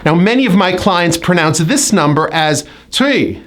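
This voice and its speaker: This pronunciation lesson is led by an American woman whose fairly low voice stays animated throughout. Speaking slowly and enunciating in an exaggerated way, she stretches each sound and carefully repeats words as drills.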